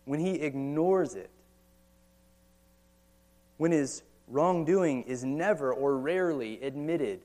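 With a medium-pitched, slightly mellow voice, a pastor in his thirties from the United States preaches in a church or meeting hall. His American-accented sermon stays conversational, sprinkled with rhetorical questions and casual asides.

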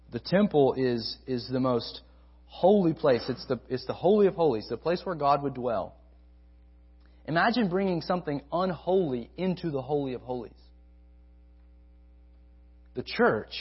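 A man preaching a sermon to a college ministry, emphatic, repeating key phrases and swinging between loud stresses and soft asides. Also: medium pitch, breathy edge, lo-fi sound.

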